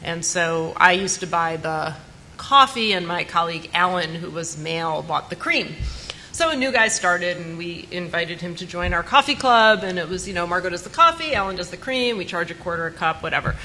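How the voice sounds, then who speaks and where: Blunt, bright-voiced woman telling stories. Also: fairly low pitch, moderate pace, a little hiss or hum, low-quality recording. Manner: lively, blunt and animated anecdote-telling. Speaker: panelist. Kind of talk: storytelling on a conference panel. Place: conference panel room.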